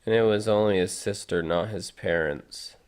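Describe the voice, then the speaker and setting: A man's voice: on the low side, moderate pace, darkish tone, smooth. A man hosting a live reaction stream, chatting casually and reading viewer comments aloud.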